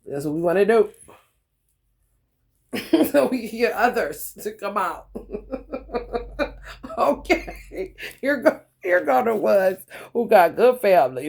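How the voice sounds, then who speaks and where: Profane, animated woman tarot reader. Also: medium pitch. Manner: animated, profane, frequent laughter, talks to viewers directly. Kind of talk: casual profane tarot reading monologue.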